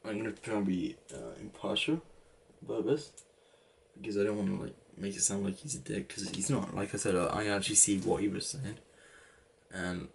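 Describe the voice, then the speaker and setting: Gravelly young English man. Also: on the low side, brisk, slight background noise. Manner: rambling, full of "like" and restarts. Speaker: vlogger. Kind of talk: casual storytelling.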